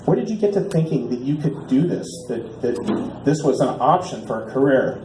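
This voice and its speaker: Stern lecturing dad, middle-aged, done by a male comic, mellow low-key voice, roomy echo. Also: lively intonation, moderate pace, a little hiss or hum, natural voice. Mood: scolding. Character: angry middle-aged father scolding his son.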